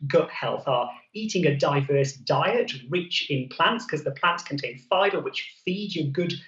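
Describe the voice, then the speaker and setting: Male TV doctor, brisk advice-giving delivery, somewhat high voice, heard from a distance in a roomy studio. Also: lively intonation, a bit bright, highs cut off. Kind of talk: explaining health advice on a morning show.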